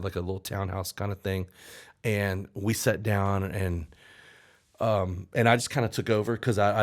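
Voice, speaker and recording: A male songwriter telling a story in casual chat, acting out the people he quotes. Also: fairly low pitch. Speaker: songwriter guest.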